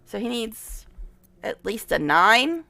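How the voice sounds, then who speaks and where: A woman's voice: fairly high pitch, big pitch swings, slow, creaky, pushed and bright, no echo. A woman streamer giving casual gameplay commentary, chatty and giggly, with frequent laughs.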